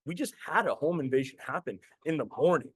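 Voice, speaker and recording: A man's voice: fairly high pitch, lively intonation, fast talker, husky, no echo. A man in his thirties from Canada, telling a personal story as a motivational host in an intense, repetitive way, swearing freely. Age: 30s. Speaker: podcast host and business coach.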